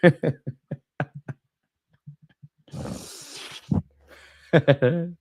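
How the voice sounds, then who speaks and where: A young man hosting a live football watch-along, animated and slangy, swinging from loud outbursts to low muttering. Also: drawn-out words, slightly rough.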